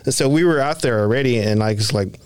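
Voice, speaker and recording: A man's voice: mid-range voice, fast, a little mellow, clean tone, no room sound, studio quality. A man being interviewed, telling a long story in a casual, rambling way with many restarts. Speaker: Bigfoot researcher guest.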